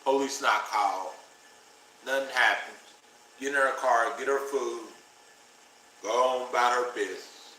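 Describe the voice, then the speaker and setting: Male livestream host, unhurried delivery, bright tone, roomy sound. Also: mid-range voice. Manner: slow, earnest, talks to viewers directly. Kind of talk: casual livestream monologue. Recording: roomy with faint noise.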